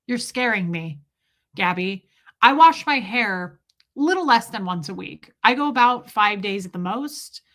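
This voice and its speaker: Bright, chatty woman streamer. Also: fairly high pitch. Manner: chatty, profane, jokey storytelling. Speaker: livestream host reading chat. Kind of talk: casual livestream chat.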